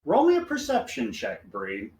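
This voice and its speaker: Animated man narrating as game master. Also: on the high side, moderate pace, echoey room, crowd noise, rough recording. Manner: vivid descriptive narration.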